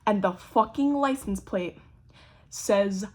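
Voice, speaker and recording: Husky young woman telling a story. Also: medium pitch, takes it slowly. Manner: animated, swears a lot, acts out quoted voices. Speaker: vlogger. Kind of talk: casual storytelling.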